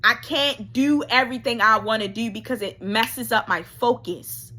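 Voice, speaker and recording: Woman life coach with a sharp, bright voice and a candid, faith-driven coaching delivery. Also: fairly high pitch, breathy edge. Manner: casual, emphatic, repeats key phrases for effect. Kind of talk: candid motivational monologue.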